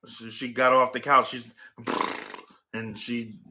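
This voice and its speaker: A man's voice: medium pitch, flat delivery, slow pace, sharp tone, a little hiss or hum. A man hosting a casual chat from his couch at home, rambling and telling stories with lots of fillers. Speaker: show host.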